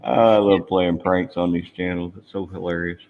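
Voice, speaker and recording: A man with a very low voice chats casually on a live hobby stream, telling joking prank stories while he carves foam. The sound is a little dull, and a faint hiss sits underneath. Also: level tone, moderate pace. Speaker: hobby channel host. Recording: slightly muffled, faint background hiss.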